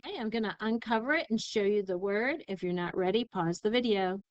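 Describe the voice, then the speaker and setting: A woman teacher giving a recorded spelling lesson, sounding out syllables slowly and carefully. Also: medium pitch, no room sound, lo-fi sound. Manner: slow, careful enunciation of syllables.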